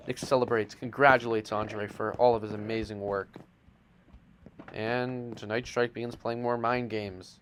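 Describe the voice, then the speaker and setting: On a noisy home mic with clicks, the narrator of a game series speaks on the low side at a measured pace, flat in delivery but fairly bright in tone. He narrates gameplay playfully and mock-dramatically, teasing the audience along the way.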